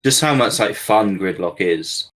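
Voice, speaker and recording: A male podcast co-host with a fairly low voice. He chats casually but haltingly, stopping and restarting his sentences often. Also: expressive, a bit bright, rough recording. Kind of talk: casual review chat.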